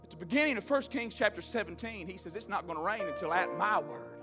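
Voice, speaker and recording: A man preaching a sermon, telling stories with fervor and building up to shouts. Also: high voice, fast, soft background music. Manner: fervent storytelling preacher, swells to shouting.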